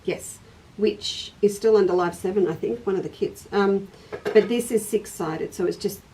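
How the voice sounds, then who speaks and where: A craft shop host runs a casual stitching livestream, chatting and laughing as she demonstrates and answers viewers. Her voice is medium-pitched and mellow at normal speed, picked up by a distant mic with slight background noise.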